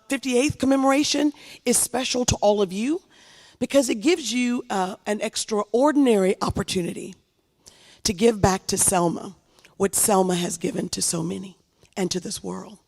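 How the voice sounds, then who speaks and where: A woman's voice: medium pitch, in a large hall. A congresswoman giving an impassioned speech at a commemoration, repeating phrases for emphasis. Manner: impassioned, rising to rallying calls.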